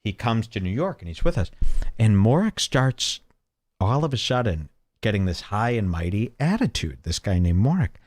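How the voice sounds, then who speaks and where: A man's voice: fairly low pitch, very animated, moderate pace, darkish tone, no echo. A male podcast host telling a story in a casual, mocking way, often jumping into quoted voices.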